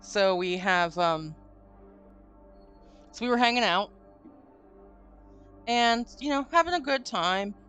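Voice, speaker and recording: A woman's voice: medium pitch, lively intonation, slow, long pauses, a bit bright, clean tone. A woman hosting a live stream, chatting casually and telling a long, rambling story with some swearing. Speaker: streamer host. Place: home stream room. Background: faint spooky music.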